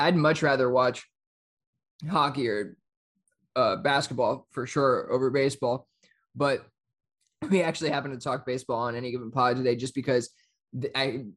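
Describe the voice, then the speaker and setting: A man's voice: mid-range voice, a bit bright. Laid-back rambling podcast co-host man. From South Florida. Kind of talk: casual chat.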